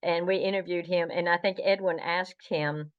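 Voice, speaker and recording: An older woman speaks with a Southern American accent in a deep, low register. She pauses often and restarts her sentences as she talks. The recording sounds a little dull and muffled. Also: steady tone. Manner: hesitant, many fillers and restarts. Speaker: guest, Star Trek historian. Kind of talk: casual interview.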